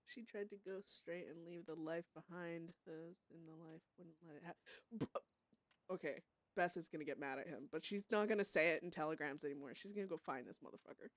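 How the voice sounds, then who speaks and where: A woman's voice: deep voice, a little fast, no echo. A woman streaming a roleplay game, talking casually and emotionally, swearing, restarting sentences and often laughing and gasping. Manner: chatty, with frequent restarts and swearing. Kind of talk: casual live-stream commentary.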